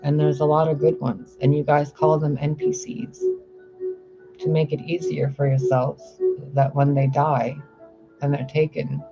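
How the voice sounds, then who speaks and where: A man's voice: on the high side, little pitch movement, unhurried, creaky. A man talking in a casual, rambling, profane monologue as a spiritual reader. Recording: slightly muffled with faint music. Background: faint music.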